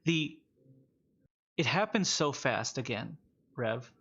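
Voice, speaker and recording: A man acting as game master, narrating a combat scene in a relaxed, plain-spoken way. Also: medium pitch, takes it slowly, breathy edge, muffled recording.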